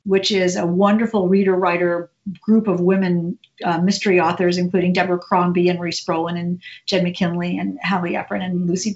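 A woman author and former reporter talking about writing in a casual interview, in an animated, chatty way with many restarts. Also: on the low side, lo-fi sound.

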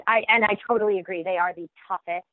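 Animated woman on a tinny phone line. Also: medium pitch, fast talker, dry recording. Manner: animated, acts out children's voices while telling. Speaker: children's book author. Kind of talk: podcast interview answer.

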